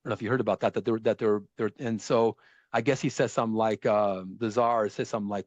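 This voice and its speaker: A man hosting a casual talk show, rambling, profane and full of animated impressions. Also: lowish voice, fast, dry recording, lo-fi sound. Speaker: podcast host. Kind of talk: casual political chat.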